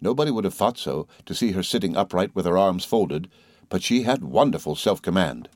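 A man narrating a classic novel at a measured, even pace in a reflective tone. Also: sits low, no room sound, clean studio sound. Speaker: audiobook narrator. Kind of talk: scripted narration.

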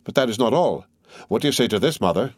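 A man's voice: mid-range voice, lively intonation, quick pace, no echo, clean studio sound, lightly acted. A man voicing an earnest, resolute young man reassuring his mother in a storybook reading. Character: earnest young man, proud and devoted son.

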